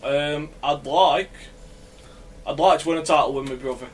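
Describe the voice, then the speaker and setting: A man's voice: on the high side, moderate pace, distant mic, a little hiss or hum. A man, a podcast co-host, joking in casual chat with stumbling restarts.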